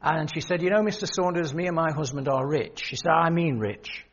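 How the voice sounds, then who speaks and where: A man's voice: a little high, brisk, slightly rough. An older man preaching a sermon, telling stories and quoting the people in them. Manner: storytelling, quoting others, rising emphasis. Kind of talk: sermon with anecdotes. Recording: dull lo-fi sermon recording.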